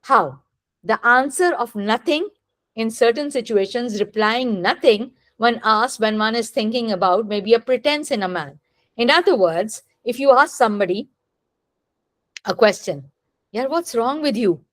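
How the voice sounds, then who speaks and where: A woman's voice: fairly high pitch, a bit bright, no room sound. A woman teacher, giving a classroom lecture and often asking the students whether they follow. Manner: deliberate, asks rhetorical questions to check understanding. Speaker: literature teacher.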